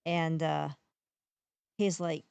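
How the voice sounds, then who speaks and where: A woman co-hosting a podcast, telling a story in a lively, chatty way. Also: low voice, extremely slow, vocal fry, smooth, dry recording. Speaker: podcast co-host. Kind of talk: casual storytelling chat.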